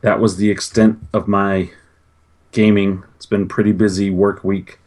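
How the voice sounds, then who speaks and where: A man's voice: fairly low pitch, flat delivery, normal speed, darkish tone. A man co-hosting a gaming podcast, telling stories in an easygoing, rambling way. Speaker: podcast co-host. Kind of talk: casual chat.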